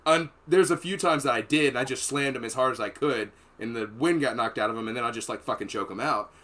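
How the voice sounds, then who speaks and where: A fast-talking man with a medium-pitched, slightly bright voice hosts a podcast. In a casual, rambling way he tells long stories full of profanity, breaking into laughter between them.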